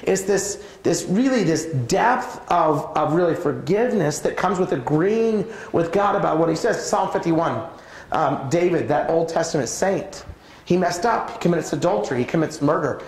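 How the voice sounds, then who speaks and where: A man giving a preaching talk at a church conference, telling personal stories in an animated way. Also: normal speed. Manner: animated, swings pitch widely while acting out stories. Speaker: conference speaker. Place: church auditorium. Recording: roomy church hall sound.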